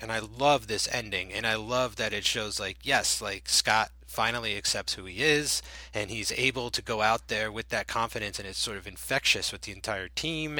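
A man's voice: fairly low pitch, bright, forceful tone, no room sound, rough recording. A man guest on a podcast, talking casually about a film, full of fillers and acted-out lines. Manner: rambling, filler-heavy, acts out lines.

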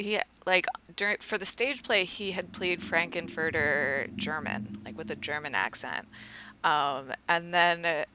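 A woman's voice: deep voice, bright, forceful tone, rough recording. A woman co-hosting a podcast in casual chat, running through facts with lots of fillers. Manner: chatty, lists facts with fillers. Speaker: podcast co-host.

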